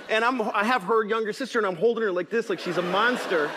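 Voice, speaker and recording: A man in his forties spins a rambling, self-mocking story and slips into voices for the people in it. His voice sits a little high. The recording carries a clear layer of noise. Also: lively intonation, moderate pace, pushed and bright. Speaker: talk show guest. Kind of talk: comic storytelling.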